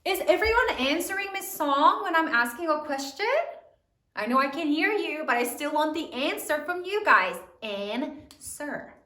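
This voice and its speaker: A woman teacher leading a spelling lesson, slowly sounding out words letter by letter for young pupils. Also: high-pitched, lively intonation, bright, forceful tone. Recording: echoey room, mic at a distance.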